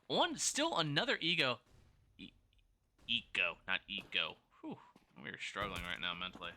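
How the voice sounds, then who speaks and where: A lone esports caster calls a competitive shooter match at a rapid clip, his medium-pitched voice pushed, bright and swooping wildly in pitch. His throat is sore, he keeps correcting himself, and between rounds he chats with his viewers; there's slight background noise.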